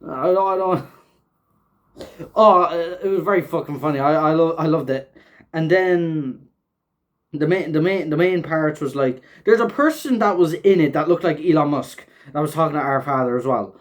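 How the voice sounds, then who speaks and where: A man's voice: a little high, moderate pace. Rambling, swearing man recapping a show. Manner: rambling, filler-heavy, swears often, laughs while talking. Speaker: show host reviewing an episode. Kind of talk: casual reaction recap.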